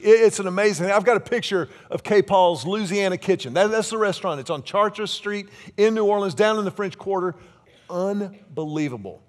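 High-voiced preacher in his fifties. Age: 50s. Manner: lively, humorous storytelling. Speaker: pastor. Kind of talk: sermon.

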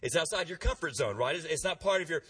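A man preaching a sermon in a church, energetic and calling on the congregation to respond, heard from a distant mic. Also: fairly high pitch, quick pace, breathy edge. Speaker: pastor.

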